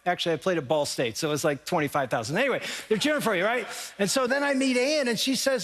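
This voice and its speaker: A middle-aged male pastor preaching a sermon, telling lively stories and speaking straight to his congregation in a large church auditorium. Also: high voice, fast. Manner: animated storytelling, addressing the congregation directly. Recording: long reverb of a large hall.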